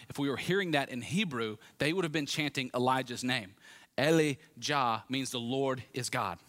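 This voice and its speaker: A man preaching a sermon in a lively, conversational way with asides to the congregation. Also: mid-range voice, moderate pace. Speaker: pastor.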